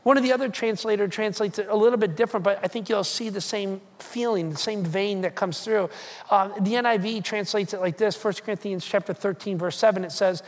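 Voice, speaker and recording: A pastor preaching a sermon, telling the story behind a scripture passage in an animated, casual way, acting out what the writer says and adding jokey asides to the congregation. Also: mid-range voice, brisk. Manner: animated, acts out quoted lines in a casual storytelling way. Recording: long reverb of a large hall.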